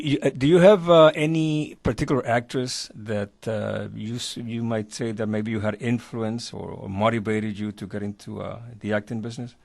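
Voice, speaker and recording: A man hosting an interview, asking questions with many pauses and repeated words. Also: fairly low pitch, creaky, darkish tone, dry recording. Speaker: host.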